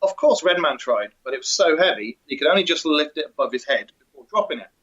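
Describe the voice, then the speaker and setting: A man's voice: fairly high pitch, animated, fast, fairly bright tone, breathy edge. A man co-hosting a show, reading out a folk tale and then chatting with dry humour. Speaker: co-host. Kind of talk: storytelling and casual chat. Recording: dull lo-fi sound.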